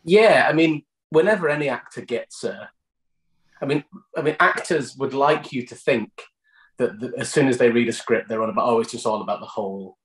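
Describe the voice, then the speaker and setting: A man's voice: mid-range voice, expressive, moderate pace, a bit bright, reverberant, low-quality recording. A British man, an actor, answering interview questions in a chatty storytelling way, often restarting phrases.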